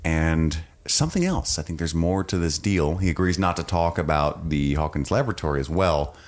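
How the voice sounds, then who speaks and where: A man's voice: very deep voice, lively intonation, moderate pace. A man co-hosting a podcast, recapping a TV episode in casual chat, joking and laughing often. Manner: jokey, acts out scenes in silly voices, laughs often. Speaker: podcast co-host.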